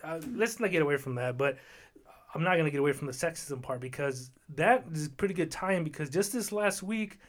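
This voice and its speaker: Rambling, lively man in casual chat. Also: fairly high pitch, brisk. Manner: rambling, lively, with fillers and restarts. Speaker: podcast co-host.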